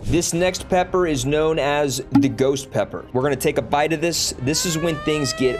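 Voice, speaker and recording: Man, slightly high voice, excitable streamer, eating hot peppers, mouth burning, music behind. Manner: excitable, jokey, fast bursts. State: burning mouth, coughing, eyes watering. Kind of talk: reacting to clips while eating hot peppers.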